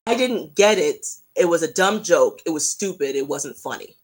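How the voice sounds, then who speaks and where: A fan hosting a casual livestream, telling a rambling, self-mocking story in an animated way. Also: mid-range voice, fairly quick, hardly any pauses.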